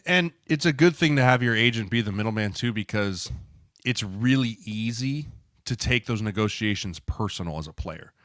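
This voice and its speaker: A man's voice: lowish voice, lively intonation, moderate pace, a bit bright, no room sound, clean studio sound. A man co-hosting a casual podcast, explaining things and checking in with "right?" as he goes.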